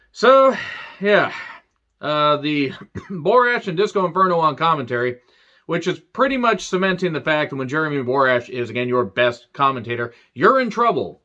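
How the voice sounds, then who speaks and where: A man's voice: medium pitch, bright, forceful tone, dull audio. A man giving a casual, rambling review rant, sarcastic and full of swearing. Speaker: wrestling show reviewer.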